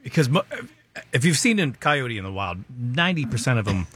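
A man's voice: mid-range voice, very animated, a little fast, fairly bright tone, slightly rough. A man co-hosting a radio talk show, chatting in an easygoing, rambling way. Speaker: radio co-host. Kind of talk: casual banter.

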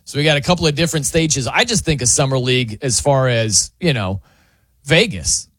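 Male sports radio host, animated storyteller with a swooping delivery, dry studio sound. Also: mid-range voice, fairly quick, breathy edge, no echo. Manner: animated, chatty, laughs often. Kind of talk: casual sports talk monologue.

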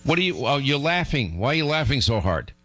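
A man's voice: fairly quick, no echo. A middle-aged man hosting a radio show, telling rambling comic stories and teasing his co-host. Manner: animated, teasing, jumps up in pitch for exasperated asides. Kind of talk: rambling comic storytelling on air.

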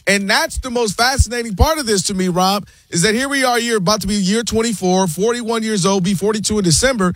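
A man hosting a sports debate show, talking in an animated, argumentative way. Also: high voice, fairly quick, few pauses, dry recording. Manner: animated, argumentative, quotes people in put-on voices. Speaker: sports talk show host.

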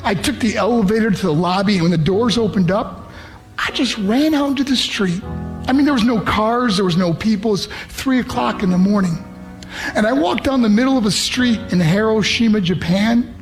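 A middle-aged American man, formerly a wrestler, gives an earnest, emotional motivational talk, acting out the voices of the people in his story. His voice is high and moderately paced. Music plays underneath.

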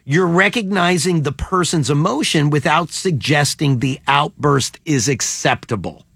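A man's voice: a little high, measured pace, vocal fry, husky, dry recording, clean studio sound. A man hosting a morning radio show, chatting animatedly and taking callers. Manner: animated, laughing, takes calls.

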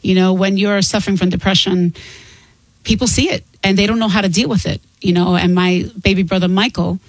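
A woman's voice: medium pitch, fairly even intonation, brisk, no room sound, low-quality recording. A middle-aged woman, a singer and author, speaking earnestly and openly as a guest in an interview. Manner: earnest and open, laughs between points. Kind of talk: candid interview talk.

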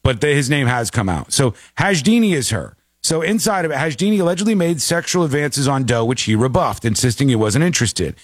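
Man, talk show host, lively swooping pitch, dry close sound, incredulous and joking. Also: normal speed, no room sound. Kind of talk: casual news commentary.

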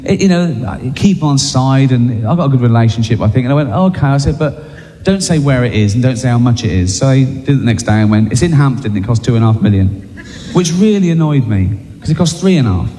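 A man's voice: mid-range voice, expressive, brisk, warm tone, big-room sound, a little hiss or hum. A man telling a self-mocking anecdote on stage, chatty and tagging lines with "right?". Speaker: comedian.

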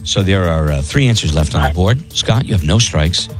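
A playful man hosting a homemade game show, his pitch swooping high and low as he teases the players and stretches out the questions. Music plays behind him. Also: expressive. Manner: playful, laughs easily, drawn-out mock announcer tone. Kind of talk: hosting a casual family-feud style game.

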